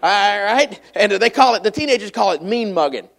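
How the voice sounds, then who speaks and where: A man's voice: high-pitched, expressive, moderate pace, creaky, fairly bright tone. A middle-aged man from Michigan, a visiting preacher giving a folksy, joking sermon and reading scripture aloud in a raised voice.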